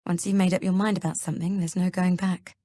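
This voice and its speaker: Worried young husband, hesitant and gentle, read by a woman narrator; low, dry recording. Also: little pitch movement, fast talker, no room sound. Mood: earnest. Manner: soft, hesitant pleading. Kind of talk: audiobook character reading.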